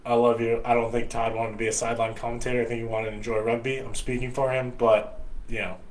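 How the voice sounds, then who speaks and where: A man's voice: mid-range voice, level tone, fast talker, echoey room, poor audio. An American man hosting a podcast, giving a blunt, profane, rambling opinion monologue. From United States. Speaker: podcast host.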